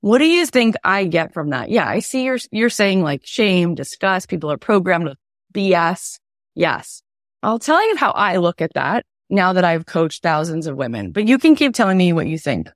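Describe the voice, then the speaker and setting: A woman coach teaching an online workshop in a chatty, animated way, her voice raspy from a cold. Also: fairly low pitch, moderate pace, no echo, studio quality. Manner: animated, chatty, lots of "right?". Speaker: wealth coach.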